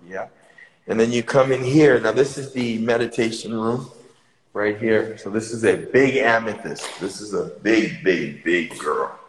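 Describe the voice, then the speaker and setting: Low-voiced man touring an echoey studio. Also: unhurried. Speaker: studio owner giving a tour. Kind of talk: casual walkthrough on a live stream. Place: indoor studio with hallways. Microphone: phone live stream.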